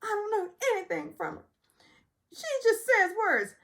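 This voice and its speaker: A woman mimicking an upset reality-show cast member, pushing her voice high and tearful. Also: measured pace, creaky, fairly bright tone, exaggerated voice. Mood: tearful, shrill.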